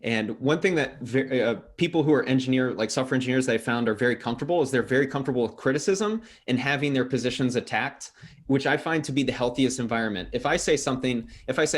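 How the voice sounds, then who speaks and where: A man hosts a casual interview on his own channel. He talks fast and earnestly, agreeing readily and asking direct questions. His pitch is ordinary. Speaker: channel host.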